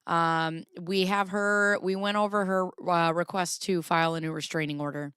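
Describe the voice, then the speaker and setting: A woman's voice: lowish voice, steady tone, moderate pace, fairly bright tone, smooth, no echo, studio quality. A woman hosting a casual livestream, chatting in a rambling way, greeting her viewers and swearing now and then. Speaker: livestream host.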